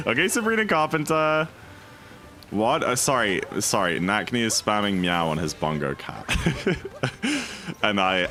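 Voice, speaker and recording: A man's voice: sits low, sharp tone. A man casually chatting and joking with his chat while speedrunning on a livestream. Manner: playful, jokey, reads chat aloud. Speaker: streamer.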